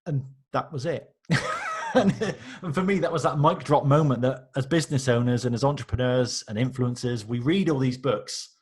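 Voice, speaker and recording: A man, a guest on a podcast, telling stories in a casual, animated way and acting out the reactions he quotes. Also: medium pitch, normal speed, a little hiss or hum. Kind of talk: casual interview storytelling.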